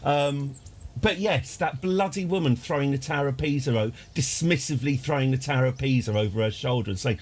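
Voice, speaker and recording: A man's voice: mid-range voice, fairly quick, slightly rough. A man streaming a space game, chatting and ranting in a self-deprecating way. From United Kingdom. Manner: chatty, self-deprecating, prone to rants and restarts. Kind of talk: rambling live game commentary.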